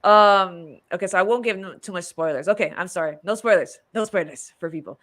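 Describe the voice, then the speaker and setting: A woman's voice: fairly low pitch, brisk, a bit bright. A woman hosting a podcast, chatting casually and rambling through a movie review, laughing often. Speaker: podcast host.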